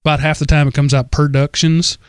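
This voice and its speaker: A man's voice: fairly high pitch, expressive, moderate pace, dry recording, clean studio sound. A man with a Southern US accent hosting a casual podcast, rambling and self-deprecating, talking in a stream of consciousness. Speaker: podcast host.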